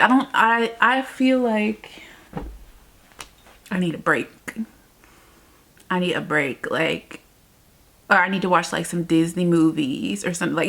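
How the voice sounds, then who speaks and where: A woman talks casually to her viewers in a reading vlog, rambling and exasperated and laughing often. Her speech is slow and unhurried, and her voice is fairly low with a gravelly fry. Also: fairly bright tone. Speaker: book vlogger.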